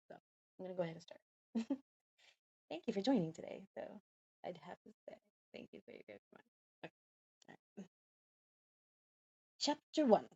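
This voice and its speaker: A woman reads a first-person novel aloud for her storytime podcast. Her voice sits low and sounds soft and mellow. She keeps it informal and chatty, stumbling now and then and setting herself straight. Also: breathy edge, no room sound. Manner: chatty, laughs and corrects herself while reading. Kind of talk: casual reading aloud of a novel.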